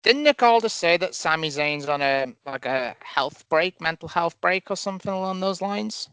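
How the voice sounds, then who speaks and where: A man's voice: on the high side, normal speed, smooth, no room sound. A man co-hosting a casual wrestling podcast, giving firm opinions. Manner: animated, opinionated. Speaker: podcast co-host.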